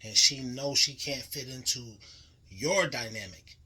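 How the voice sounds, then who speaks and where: Bright-voiced man in slangy reaction chat. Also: medium pitch, a little slow, breathy edge, poor audio. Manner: animated, slangy, restarts to make a point. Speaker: podcast co-host.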